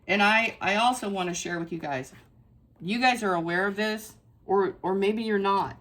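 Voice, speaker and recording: A woman's voice: medium pitch, moderate pace. A woman giving a casual spiritual tarot reading to her viewers, effusive and emphatic, repeating phrases for stress. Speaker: tarot reader.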